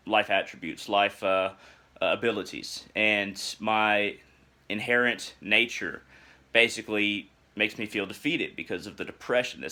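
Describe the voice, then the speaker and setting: A young adult man speaking a personal reflection in a halting, earnest way, full of filler sounds and restarts as he searches for words. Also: lowish voice, sharp tone.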